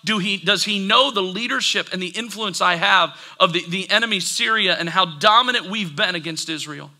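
A man's voice: high-pitched, a little fast, pushed and bright, heavily acted. A man voicing a proud army commander who rants in exasperation. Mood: indignant. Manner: exasperated, ranting.

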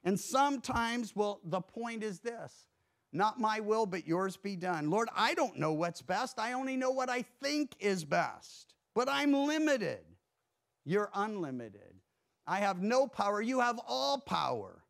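A man pastor preaching a sermon in a church, earnest, swinging between emphatic rises and hushed drops. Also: sits high, sing-song, measured pace, creaky.

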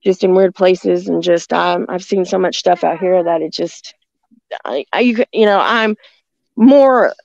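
A woman's voice: on the low side, unhurried, gravelly, a little mellow, no room sound. A woman telling a story in casual, rambling talk, often restarting her sentences. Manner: rambling, with restarts and frequent laughs. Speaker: guest recounting encounters. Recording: dull lo-fi sound.

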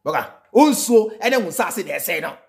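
Ghanaian male reaction host, high register, emphatic and repetitive delivery. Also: expressive, moderate pace, gravelly. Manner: emphatic, mixing in snatches of singing and laughter, repeating lines for effect. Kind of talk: animated reaction commentary.

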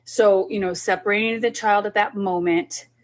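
A woman's voice: medium pitch, steady tone, moderate pace. A woman who is a child development specialist, talking parents through a group session in an earnest, instructive way.

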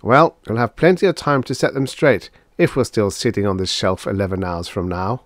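A man's voice: lowish voice, moderate pace, dry recording, studio quality, voice pushed up, natural voice. A man voicing an impatient, contemptuous young spaceman who talks bluntly. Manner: blunt, scornful, shouting.

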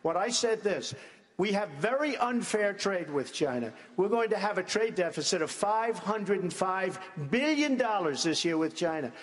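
A man's voice: sits high, lively intonation, normal speed, long reverb tail. A man answering at a debate, emphatic and repetitive, pressing on over interruptions. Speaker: presidential debate candidate. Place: large debate hall.

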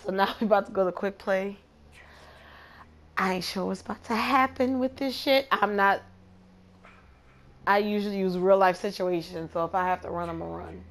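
A woman's voice: mid-range voice, slight background noise. A woman streamer commenting on her gameplay in a casual, profane, trash-talking way. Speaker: gamer streamer.

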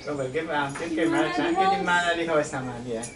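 A man volunteer who prompts and presents in a brisk, informal way. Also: on the high side, a loud crowd. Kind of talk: casual chat. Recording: echoey, distant, very noisy.

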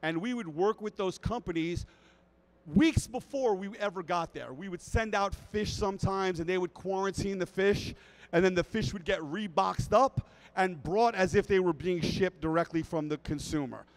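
A man giving a lively talk at a fish convention, telling anecdotes and addressing the crowd directly. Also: high-pitched, moderate pace, poor audio. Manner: animated storyteller who acts out quotes. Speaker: guest speaker at a fish convention.

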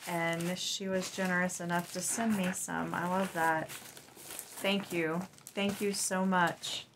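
Slow-talking woman gushing over gifts. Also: on the low side, little pitch movement, slight background noise, low-quality recording. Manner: warm, gushing, unhurried. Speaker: vlogger. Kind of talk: casual unboxing chat.

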